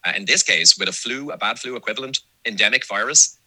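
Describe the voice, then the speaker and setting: Male guest, fast emphatic talker, bright edge, dry close sound. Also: medium pitch, animated, no echo, poor audio. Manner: brisk, emphatic, laughs now and then. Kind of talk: casual discussion.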